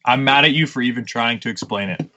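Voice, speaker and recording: A man's voice: mid-range voice, fast, sharp tone, muffled recording. A man, a pro wrestler, talking in casual podcast chat, blunt and profane, telling stories with irritation. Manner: blunt, profane, ranting storyteller.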